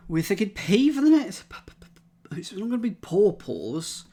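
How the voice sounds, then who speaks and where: A man's voice: sits high, big pitch swings, normal speed, mellow. A man streaming, thinking aloud as he solves a crossword and chats with his live chat, methodically trying out letters and words.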